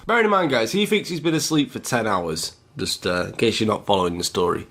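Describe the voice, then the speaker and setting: A man's voice: lowish voice, fairly quick, few pauses, a bit bright. A man with a British accent telling a story to his viewers in a chatty vlog style, often calling them guys. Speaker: YouTuber.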